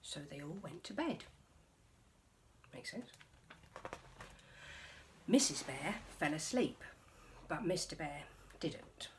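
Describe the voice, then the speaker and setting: A woman teacher reading a picture book aloud to her class, expressive, with soft whispered passages. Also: sits low, slow pace, pauses often, background noise.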